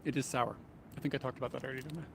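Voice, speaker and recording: A man's voice: mid-range voice, very fast, creaky. A man livestreaming while walking outdoors in a city, chatting casually with viewers and chuckling often, recorded on a small camera-mounted mic. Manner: relaxed, rambling, chuckles often. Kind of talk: casual livestream chat, reading viewer comments. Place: outdoors in a city, near train tracks. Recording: outdoor street and train noise. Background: passing vehicles and trains.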